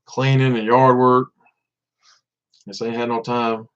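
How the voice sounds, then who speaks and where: A man with a Southern drawl chats easily to his viewers, laid-back, laughing now and then and circling back over his words. His voice sits at an ordinary middle pitch. The recording is a bit dull and lo-fi. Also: level tone, slow pace, clean tone. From Tennessee, US. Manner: laid-back, laughs often, repeats himself. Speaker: vlogger. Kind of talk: casual livestream chat. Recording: dull lo-fi sound.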